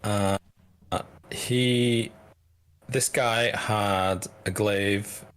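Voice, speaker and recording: GM, slightly low voice, halting narration with frequent restarts. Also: male voice, fairly even intonation, fairly bright tone. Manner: halting, stammers and restarts while describing scenes. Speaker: game master. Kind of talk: narrating a tabletop game.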